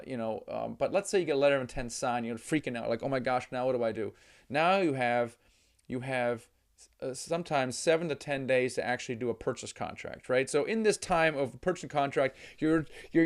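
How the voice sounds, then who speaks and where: A middle-aged man giving a motivational teaching talk on real estate investing, energetic, often repeating words and acting out worried inner voices. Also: mid-range voice.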